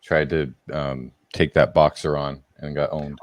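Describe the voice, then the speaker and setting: A man's voice: rumbling low, level tone, measured pace, no room sound. A man co-hosting a casual live show, dropping brief wry remarks and steering the topic. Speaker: co-host.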